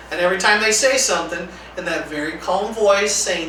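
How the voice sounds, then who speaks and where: A man delivers a training lecture in a relaxed, conversational way, now and then repeating calm example phrases. His voice sits high and sounds bright. He is recorded from far off in a very echoey room with a faint hiss. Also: quick pace, few pauses.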